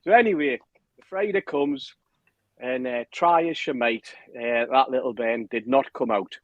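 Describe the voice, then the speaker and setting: A man telling a lively anecdote on a podcast, acting out the other people's lines. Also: mid-range voice, unhurried, no echo, phone-quality sound. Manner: animated storyteller, acts out quotes, laughs often. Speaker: podcast guest telling a story. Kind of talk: casual anecdote.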